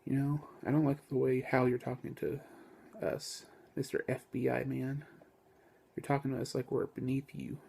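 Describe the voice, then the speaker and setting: A man's voice: mid-range voice, little pitch movement, normal speed, vocal fry, mellow, slight background noise, close to an everyday voice. A man voicing a mocking, crude redneck hunter. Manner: mocking, swaggering drawl.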